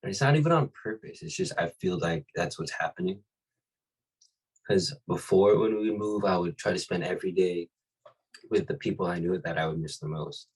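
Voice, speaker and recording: Husky, low-voiced young man. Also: fairly quick, rough recording. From Hawaii. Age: young adult. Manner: laid-back, laughs often while telling stories. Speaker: podcast co-host. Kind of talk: casual chat.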